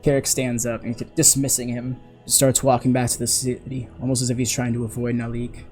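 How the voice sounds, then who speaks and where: A man's voice: medium pitch, monotone, fairly quick, a little mellow, soft background music. A man narrating a tabletop role-playing game as game master, in a casual storytelling manner with frequent self-corrections.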